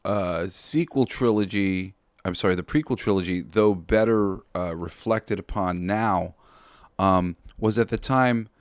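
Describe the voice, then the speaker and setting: Podcast host guy, slow earnest rambling, stumbles and restarts a lot, dry close sound. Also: deep voice, no echo. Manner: halting and tongue-tied, with frequent restarts; earnest, with blunt casual swearing. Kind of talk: casual podcast commentary.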